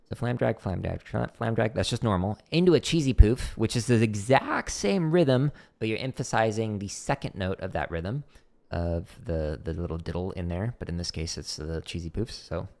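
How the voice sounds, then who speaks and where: A man's voice: lowish voice, lively intonation, normal speed, gravelly, a little mellow. A man teaching drum rudiments on a home livestream, chatty and loose, with lots of "like" fillers, counting patterns aloud into a desk mic. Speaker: drum instructor streaming. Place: home practice room. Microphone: desk microphone.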